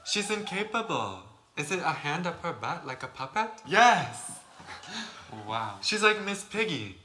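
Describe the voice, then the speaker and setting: A gossipy blue alien sister, played by a drag performer, swooping up and down in slow, sing-song lines. The voice rings bright and clear over a faint hiss. It is a campy comedy sketch full of catty banter. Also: mid-range voice, big pitch swings.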